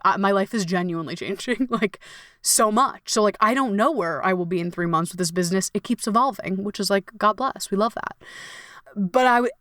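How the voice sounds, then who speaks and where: The speaker is a podcast host and coach in her young adult years, chatting casually and colorfully by herself, cursing freely and performing her inner voices. Her mid-range voice is slightly bright, clear, and resonant, captured echo-free in studio quality.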